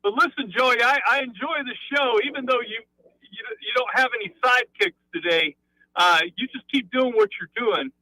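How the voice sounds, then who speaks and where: A man's voice: very high voice, normal speed, bright, forceful tone, no echo, poor audio. A man calling in to a radio show, joking playfully with the host. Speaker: caller. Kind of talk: phone-in call.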